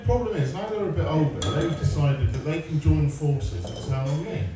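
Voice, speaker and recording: A man's voice: fairly high pitch, moderate pace, recorded from a distance. A man in his forties from England doing a stand-up comedy set, sarcastic and sweary, telling stories and chatting with the crowd. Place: comedy club stage. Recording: roomy live venue, mic heard from afar, crowd. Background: audience laughter.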